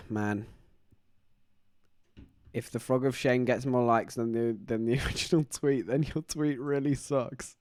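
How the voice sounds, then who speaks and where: A man's voice: medium pitch, takes it slowly, pauses often, dry recording. A man chatting casually on a live stream, rambling through stories and laughing often. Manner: rambling, animated storytelling with frequent laughs.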